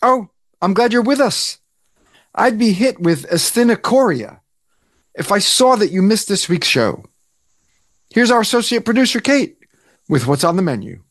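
An American man hosts an interview show in a notably high voice. He is chatty and wry and often restarts his sentences. The sound is dry and close, with no room echo. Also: very animated, moderate pace, long pauses. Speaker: radio show host. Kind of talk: hosting a podcast interview.

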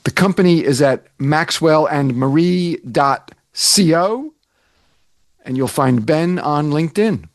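A man's voice: a little high, animated, slow pace, no echo, clean studio sound. An American man hosting a radio interview show, chatty and wry, often restarting his sentences.

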